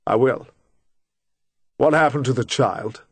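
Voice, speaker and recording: A man's voice: mid-range voice, takes it slowly, no echo. Shrewd, probing male official with dry, leading questions, read by a man, plain close-miked voice, dry sound.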